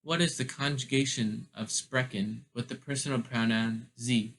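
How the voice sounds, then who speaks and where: A man explaining German verb grammar in a casual lesson, deliberate and full of ums and restarts. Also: mid-range voice, fairly even intonation, fairly bright tone, low-quality recording. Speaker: German teacher.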